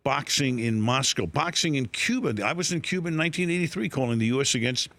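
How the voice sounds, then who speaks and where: Older man telling lively sports stories. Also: fast talker. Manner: animated anecdotes, laughs, voices his quotes higher. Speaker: sports broadcaster, guest. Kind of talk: storytelling interview.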